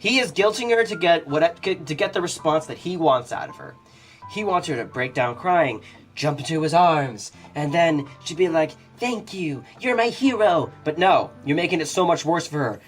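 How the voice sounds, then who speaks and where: A woman's voice: sits low, normal speed, faint music behind. A woman playing a visual novel on a let's play channel, reacting with outrage and nervous laughter while she reads along. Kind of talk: emotional game commentary.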